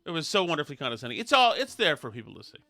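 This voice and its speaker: A man's voice: fairly high pitch, racing, gravelly, no room sound. A middle-aged man hosting a podcast, bantering casually and telling jokey, sarcastic stories. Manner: joking, sarcastic, animated storytelling. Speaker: podcast host.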